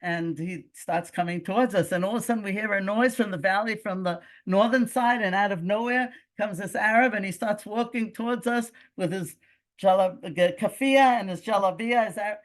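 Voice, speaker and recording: An older woman from the United States with a Brooklyn accent, telling personal stories as a guest speaker with lively asides and frequent self-corrections. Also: mid-range voice, normal speed. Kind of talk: personal storytelling talk.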